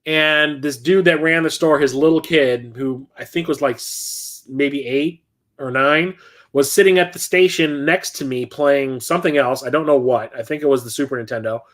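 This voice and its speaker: A man's voice: fairly high pitch, normal speed. A middle-aged man hosting a livestream, telling a rambling anecdote and acting out the people in it. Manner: rambling anecdotes with animated quoted voices. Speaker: livestream host. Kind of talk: casual storytelling on a livestream.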